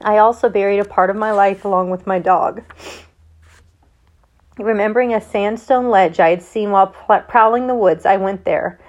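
A woman reading a novel aloud in first person, in a steady way with small stumbles and self-corrections. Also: mid-range voice, normal speed, muffled recording. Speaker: audiobook reader.

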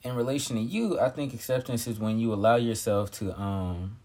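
A young man who is a guest on a casual podcast, speaking in a low-key, hesitant way and often clearing his throat. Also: moderate pace, darkish tone. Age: young adult.

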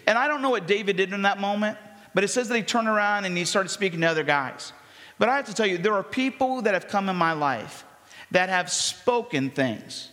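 A man, the pastor, preaching a sermon in a conversational, energetic way, acting out the voices of people in the story. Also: high voice. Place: church sanctuary. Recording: long reverb of a church hall.

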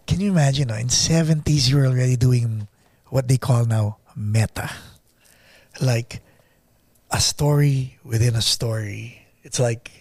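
Eager man hosting, slightly husky. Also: medium pitch, darkish tone, dry recording. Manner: enthusiastic, quick to react. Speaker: podcast host. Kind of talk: conversational interview.

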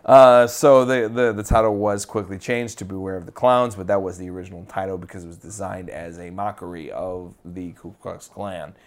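A man's voice: deep voice, steady tone, normal speed, hardly any pauses. A man who is an actor, casually telling an interviewer a story, rambling with many fillers and restarts.

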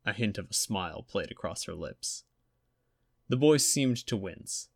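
A man reading a story aloud with steady storytelling. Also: fairly low pitch, a little slow, creaky, dry recording, studio quality. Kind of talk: audiobook narration.

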